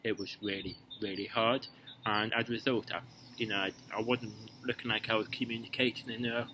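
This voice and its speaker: A man's voice: fairly low pitch, level tone, fairly quick, background noise. A young man giving casual, playful dating advice to camera, chatty and full of ums and restarts. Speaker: vlogger giving dating tips.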